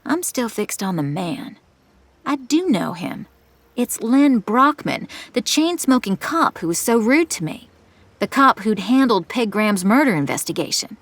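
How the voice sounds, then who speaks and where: A woman's voice: mid-range voice, expressive, normal speed, a bit bright, no echo. A woman narrating in the first person with tense, suspenseful delivery, on a close studio mic. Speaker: audiobook narrator.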